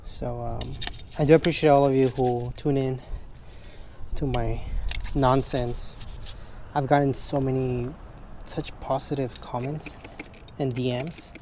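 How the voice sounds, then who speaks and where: A man's voice: medium pitch, fairly even intonation, takes it slowly, darkish tone, a little hiss or hum. A man with English as his second language, frankly chatting in a rambling, motivational way while detailing his car, swearing casually.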